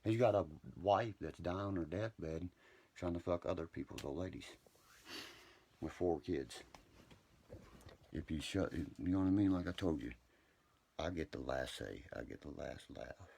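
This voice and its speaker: A man, rambling profanely on a live stream, moving between angry rants and quiet apologies. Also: measured pace, pauses often, slight background noise. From West Virginia. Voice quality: deep gravelly voice. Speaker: social media live streamer.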